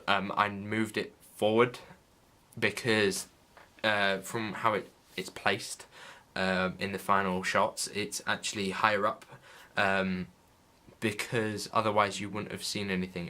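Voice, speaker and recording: A man's voice: lowish voice, little pitch movement, unhurried, pushed and bright. A man vlogging behind the scenes in a casual, rambling way, with many fillers and restarts. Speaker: vlogger, filmmaker.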